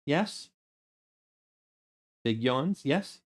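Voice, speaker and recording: A man's voice: medium pitch, sing-song, moderate pace. A man chatting casually on a live game stream, sleepy and talkative, greeting viewers. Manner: drowsy, chatty, breaks into silly sung ditties.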